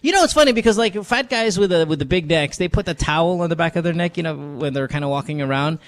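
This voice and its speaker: A man hosting a late-night call-in show, chatting loosely and crudely with plenty of fillers. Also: fast. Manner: loose and crude, many fillers, lively swings in pitch. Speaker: podcast host. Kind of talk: casual radio call-in banter.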